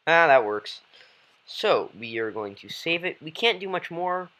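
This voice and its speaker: A man giving rambling, excitable gameplay commentary as a YouTuber, talking straight to his viewers. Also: a little high, measured pace, poor audio. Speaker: gaming YouTuber.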